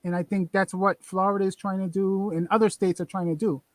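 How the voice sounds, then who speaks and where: A man's voice: high voice, flat delivery, a little fast. A man in a casual discussion, raising counterpoints and questions.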